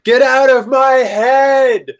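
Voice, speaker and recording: A man's voice: very high-pitched, steady tone, slow pace, pitched above the performer's own voice. A man voicing a frightened young woman character who screams in panic. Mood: panicked.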